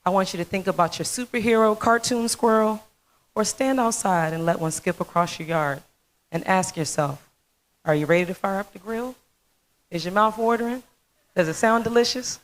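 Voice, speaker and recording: A woman in her thirties giving a humorous storytelling speech at a festival, animated and chatty with asides. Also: medium pitch, normal speed, low-quality recording. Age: 30s. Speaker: speaker at a dental festival talent show.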